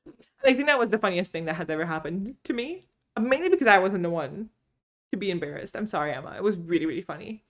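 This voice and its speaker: A chatty woman vlogging about books from home. She talks casually, bubbly and animated, telling stories and laughing easily. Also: fairly low pitch, fast talker. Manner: animated storyteller. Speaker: book vlogger. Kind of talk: casual chat.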